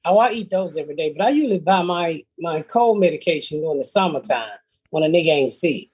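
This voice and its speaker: Woman, husky voice, podcast host, profane, casual comic storytelling. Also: deep voice, expressive, fast talker, a little mellow. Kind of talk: casual comedic chat.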